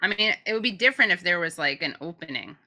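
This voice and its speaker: A woman's voice: lowish voice, expressive, fast, sharp tone. A woman co-hosting a casual commentary chat, blunt and profane, joking as she reacts. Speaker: co-host.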